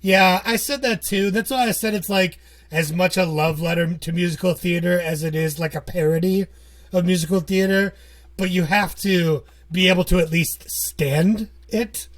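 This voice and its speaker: A man's voice: high voice, normal speed. A man co-hosting a podcast, chatting casually, rambling and joking with frequent laughs. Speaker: podcast co-host. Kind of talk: casual chat.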